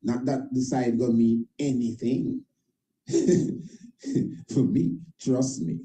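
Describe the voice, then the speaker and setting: A man's voice: medium pitch, steady tone, slow pace, mellow, poor audio. A man speaking as a priest in an impassioned monologue, emphatic and repetitive, with informal grammar and frequent tag questions. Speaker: priest and internet show host. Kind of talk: impassioned talk-show monologue.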